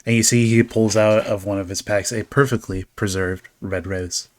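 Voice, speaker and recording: Low-voiced man narrating a tabletop game. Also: fairly even intonation, normal speed. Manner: descriptive storytelling with casual fillers. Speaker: game master.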